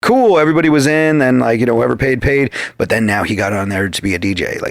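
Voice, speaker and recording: Swearing nonstop, this man tells stories as a guest on a loose podcast chat, often performing quoted exchanges between people. He speaks quickly in a creaky, mid-range voice with lively intonation; the recording is dry and studio-clean.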